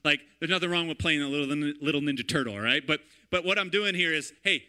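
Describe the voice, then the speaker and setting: A man in his thirties preaching a sermon in a lively, conversational way, often checking in with "right?". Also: on the high side, fast talker. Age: 30s. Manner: animated, conversational, repeats "right?" and "all right?". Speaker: pastor.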